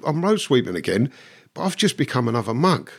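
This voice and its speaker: A man's voice: medium pitch, big pitch swings, brisk, creaky, husky. A man, a guest who tells his stories bluntly, swears and laughs at himself. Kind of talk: casual storytelling.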